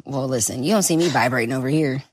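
A woman's voice: a bass voice, quick pace, a little mellow, slightly rough. A woman co-hosting a podcast in casual chat, blunt and teasing, often laughing. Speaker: podcast co-host.

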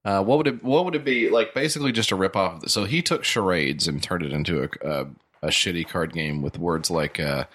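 A man's voice: sits low, a little fast, fairly bright tone. A man co-hosting a casual comedy podcast, riffing crude joke ideas with a friend. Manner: crude, joking riffs. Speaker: podcast co-host.

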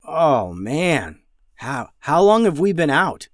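A man's voice: fairly high pitch, sing-song, slow, dry recording, clean studio sound, voice pushed up. A man voicing a human-sized young male dragon, sleepy and easygoing. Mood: groggy.

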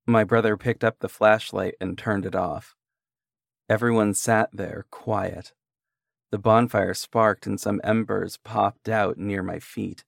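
A man reading a first-person horror story aloud in a measured, unhurried way. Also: lowish voice, fairly even intonation, gravelly, dry recording, studio quality.

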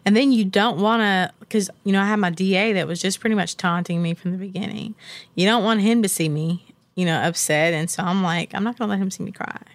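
A woman in her thirties talks candidly as an interview guest, earnest and reflective. Her voice has a gravelly, creaky edge. The sound is dry and close. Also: medium pitch, steady tone, a little fast, dry recording. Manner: earnest and reflective, speaks with faith and conviction.

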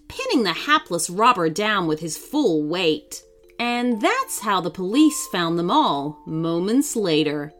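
A woman reading a children's story aloud in an expressive, animated way. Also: on the high side.

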